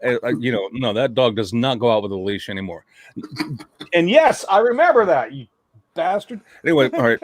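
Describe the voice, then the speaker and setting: Lively, joking male podcast host. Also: medium pitch, a little fast, no room sound, clean studio sound. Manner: animated storyteller, cussing, joking. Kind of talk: casual chat. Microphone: remote call mic.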